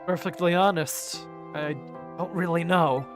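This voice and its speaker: A woman voicing a weary young man from a game story in a low, subdued voice, reading the dialogue aloud. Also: steady tone, a little slow, music in the background, natural voice.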